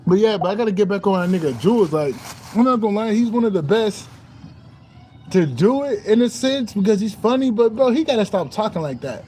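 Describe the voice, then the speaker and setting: Young man, high mellow voice, preachy casual rant, repeats bro, faint music behind. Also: lively intonation, brisk. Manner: preachy, repetitive, says "bro" often. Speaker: streamer.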